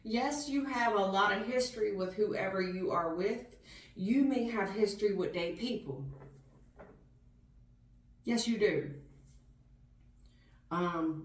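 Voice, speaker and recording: A woman doing a tarot reading who talks to the viewer in blunt street slang, animated and direct. She sits a bit back from the mic, so her voice sounds distant. The room around her is echoey. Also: a little high. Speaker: tarot reader.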